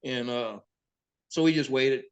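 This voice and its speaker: A boat captain, a man, telling sea stories in a casual, profane, animated way as an interview guest. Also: mid-range voice, unhurried, smooth, dull audio. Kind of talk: casual storytelling.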